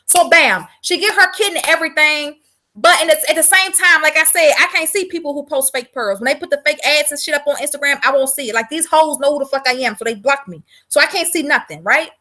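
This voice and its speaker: Woman, high bright voice, blunt profane livestream rant, fired-up and repetitive. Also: fast. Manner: repeats words for emphasis. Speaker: vlogger selling herbal products.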